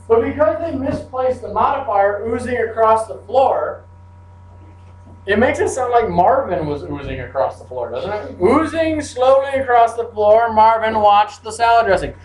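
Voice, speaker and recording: A teacher leads a class through a grammar lesson and slips in playful, joking asides. The voice rings around a roomy classroom and is picked up from a distance. A faint hum sits underneath. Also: mid-range voice.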